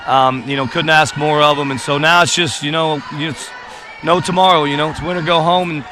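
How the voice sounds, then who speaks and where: A crowd can be heard behind this boys basketball coach, a guest being interviewed courtside in a gym mid-game, and the background is noisy. He talks casually and rambles, full of fillers and restarts, in a slightly high, fairly even voice at a slightly fast pace.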